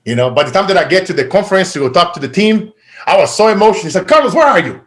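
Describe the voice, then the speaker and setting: A man giving a motivational keynote talk, energetic and swinging from loud to quiet and emotional. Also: sits high, racing. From Brazil. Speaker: keynote speaker.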